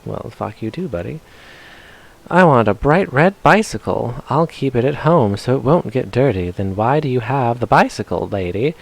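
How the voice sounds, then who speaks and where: A man's voice: medium pitch, expressive, moderate pace, vocal fry. A man chatting playfully while streaming a video game, sometimes reading game text aloud in silly voices. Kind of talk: casual live-stream commentary.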